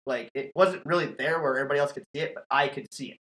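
A man's voice: mid-range voice, racing, a bit bright, slight background noise, rough recording. A man hosting a podcast, telling a scary story in casual, profane chat and laughing often. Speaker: podcast host.

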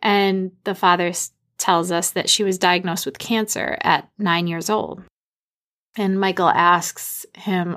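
A woman in her thirties, from the Boston area, telling a personal story in a lively, animated way. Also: lowish voice, slow. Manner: animated, acts out quoted dialogue.

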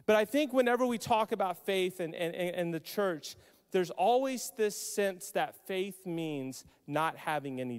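A male pastor preaching a sermon, telling the story emphatically with pauses. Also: sits high. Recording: long hall reverb.

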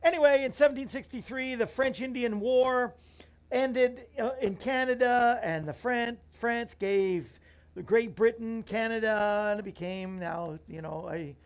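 A man's voice: very high voice, unhurried. A man hosting a morning show from a small bookstore studio, chatting casually and rambling to viewers. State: out of breath. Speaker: host.

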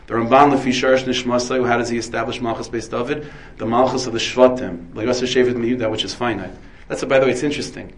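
A man's voice: medium pitch, fairly even intonation, fast talker, few pauses, poor audio. A man, a rabbi, giving a Torah lecture full of Hebrew terms, asking and answering his own questions. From United States. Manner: dense with Hebrew and Yiddish terms.

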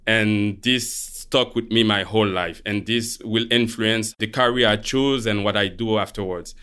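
A man from Canada and Haiti recalling his upbringing as an interview guest, measured and reflective. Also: on the low side, fairly even intonation, sharp tone, clear, resonant tone. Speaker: guest, portfolio manager. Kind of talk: interview storytelling.

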